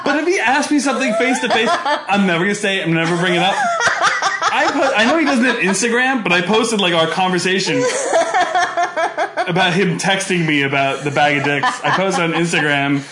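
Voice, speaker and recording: A man's voice: sits high, lively intonation, fairly quick, very noisy. A man co-hosting a podcast in casual chat, laughing often and rambling with fillers. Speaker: podcast co-host.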